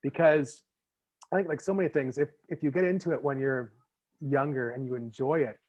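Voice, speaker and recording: A man's voice: medium pitch, steady tone, brisk, darkish tone. Rambling man hosting a podcast. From Canada. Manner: rambling, lots of fillers and restarts. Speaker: podcast host. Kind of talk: casual interview chat. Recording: slightly muffled lo-fi audio.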